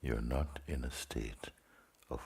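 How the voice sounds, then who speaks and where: Very deep, slow gravelly man guiding meditation. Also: darkish tone. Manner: slow, sparse phrases with long pauses. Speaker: spiritual teacher. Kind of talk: guided meditation.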